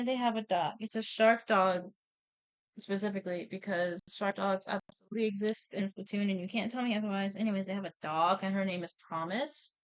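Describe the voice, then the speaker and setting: Rambling, giggly woman streamer, clear voice. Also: mid-range voice, a bit bright. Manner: rambling, repeats "and then", swears, laughs often. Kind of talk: casual storytelling chat.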